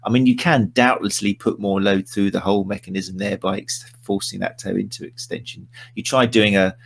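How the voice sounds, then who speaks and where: Chatty gravelly-voiced male host. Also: lowish voice, steady tone, moderate pace. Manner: chatty, teasing, rambling. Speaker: podcast host. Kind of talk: casual live-stream chat.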